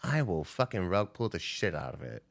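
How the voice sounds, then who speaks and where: A man's voice: low-pitched, very animated, moderate pace, creaky. A young man ranting on a stock trading livestream, profane and confrontational as he calls out viewers. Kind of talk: unscripted livestream rant.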